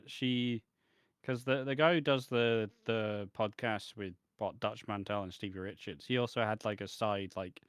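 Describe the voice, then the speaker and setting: A man's voice: fairly low pitch, fairly bright tone, no room sound, studio quality. Wry, sweary man in casual chat. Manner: wry, sweary, chimes in with asides. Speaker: podcast co-host. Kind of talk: casual chat reviewing wrestling.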